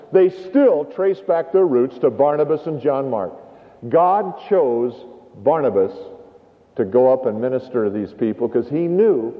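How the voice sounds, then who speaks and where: Animated preacher in an echoing hall. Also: male voice, on the high side. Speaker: pastor. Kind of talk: sermon. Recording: tinny, phone-like, hall reverb.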